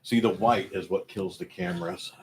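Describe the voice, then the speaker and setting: A soft-spoken man co-hosting a casual chat show, mostly agreeing with his partner. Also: low-pitched, steady tone, normal speed, slight background noise. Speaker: co-host.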